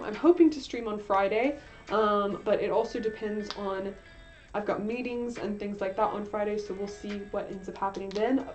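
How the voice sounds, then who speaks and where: A young woman chatting casually to her stream while she draws, rambling with lots of fillers and giggles. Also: medium pitch. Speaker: art streamer. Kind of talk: casual chat while drawing. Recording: dull lo-fi stream audio with faint music.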